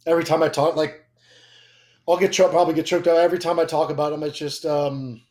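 A man's voice: a little high, steady tone, fast, darkish tone. A young man sharing a personal faith testimony in casual conversation, emotional and rambling, with frequent fillers and restarts. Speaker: guest.

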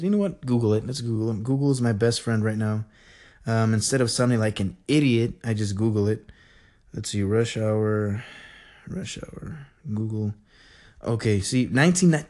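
A man telling a story in a casual, rambling and excitable way, full of fillers. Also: medium pitch, fairly quick.

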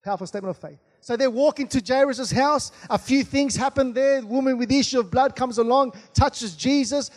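A man preaching a sermon as pastor, punctuating his points with calls of amen and hallelujah. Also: extremely high pitch. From Australia. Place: large church hall. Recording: long hall reverb.

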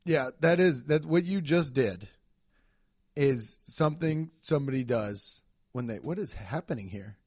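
A man co-hosting a casual comedy chat, riffing and swearing, with sudden loud bursts. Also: mid-range voice, lively intonation, a little slow, no echo. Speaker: podcast co-host.

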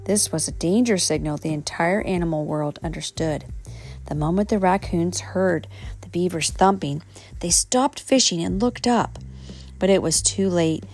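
Woman reading a kids' storybook aloud at home, low-ish voice, stumbles and corrects herself, faint music behind. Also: darkish tone. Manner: unpolished reading with slips and self-corrections. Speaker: reader.

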